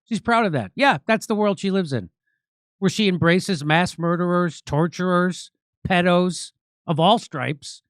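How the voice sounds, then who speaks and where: A man hosting a political commentary show, talking in a sarcastic, mocking, animated way. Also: sits high, unhurried, dry recording, studio quality. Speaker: show host.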